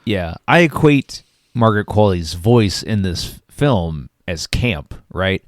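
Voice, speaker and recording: A man from Florida co-hosting a casual film review, speaking haltingly with many fillers and restarts. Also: low-pitched, lively intonation, dry recording, studio quality. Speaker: podcast co-host.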